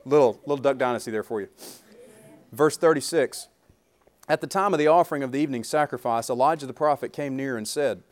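A man's voice: medium pitch, a little fast. A man preaching a sermon, reading scripture aloud and breaking off into jokes and questions for the congregation. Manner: reads scripture aloud, then riffs with humor and questions to the congregation. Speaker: pastor.

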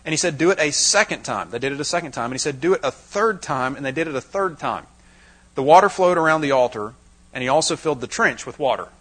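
A man's voice: fairly high pitch, expressive, fast talker, fairly bright tone, breathy edge, poor audio. A man preaching a Bible-teaching sermon to a live audience, dramatizing the scripture with wry asides.

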